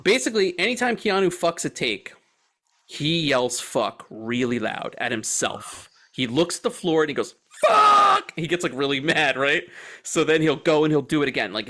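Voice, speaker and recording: Man, podcast co-host, casual movie chat, animated storytelling, profane. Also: fairly high pitch.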